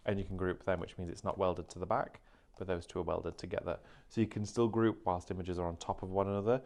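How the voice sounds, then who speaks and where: Male craft presenter, lower register, friendly step-by-step explaining. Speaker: craft demonstrator. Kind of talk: live shopping craft demo.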